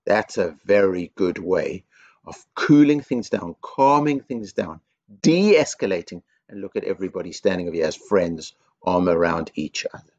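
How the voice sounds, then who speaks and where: A low-pitched man speaks as a headteacher at a children's assembly. He explains things slowly and simply and repeats key words. His voice comes through a close, dry mic with a dull, lo-fi sound. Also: very animated, a little mellow, no room sound. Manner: slow, simple explanations with repetition. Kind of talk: school assembly talk to young children.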